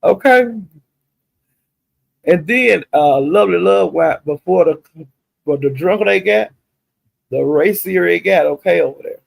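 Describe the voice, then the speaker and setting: Man, gossipy stream host, raspy fry, slightly high voice. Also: normal speed, no room sound, poor audio. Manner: gossipy, drawling, addresses chat directly. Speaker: commentator recapping livestream drama. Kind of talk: casual chat to a livestream audience.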